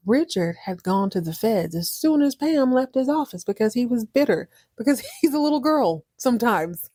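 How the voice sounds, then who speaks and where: A woman's voice: on the high side, normal speed, hardly any pauses, no echo, clean studio sound. A woman hosting a podcast, casually recapping a soap opera episode with slang and frequent laughter. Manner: animated, slangy, laughs often. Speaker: podcast host.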